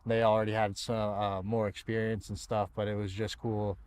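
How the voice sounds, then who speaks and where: A young American man from San Diego, a guest fighter, chatting casually and telling animated stories with frequent laughs. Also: lowish voice, moderate pace, clean tone. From San Diego, USA. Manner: laughs often, animated storytelling with many fillers. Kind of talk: casual chat.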